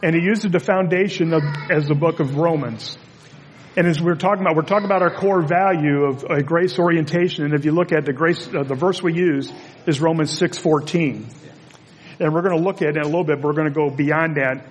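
A man delivers a relaxed, conversational sermon, telling stories in a chatty pastor's manner. His voice sits a little on the high side. The sound carries a long reverb from a church sanctuary. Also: fairly quick.

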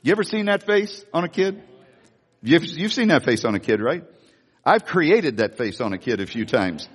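A man's voice: a little high, sing-song, moderate pace, husky, big-room sound. An older man, a grandfather and pastor, preaching a sermon in a church in a folksy storytelling way, often restarting his phrases. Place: church sanctuary.

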